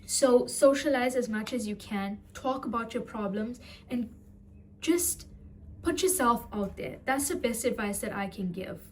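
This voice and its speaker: A young woman talks straight to her viewers in a personal vlog, her voice a little high. She sounds earnest and heartfelt, emotional and close to tears. A faint hiss of noise sits under the voice. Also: measured pace. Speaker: vlogger. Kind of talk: personal vlog talking to camera.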